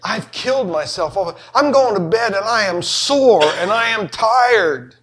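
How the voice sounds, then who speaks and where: A man's voice: sits high, animated, unhurried, a bit bright. A middle-aged man, preaching a sermon in a folksy, joking storytelling way. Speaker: pastor.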